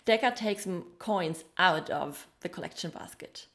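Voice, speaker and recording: Speaking a little slowly in a lowish, fairly bright voice, a podcast co-host casually reviews a TV episode. She is chatty, says "um" often, and laughs as she describes the details.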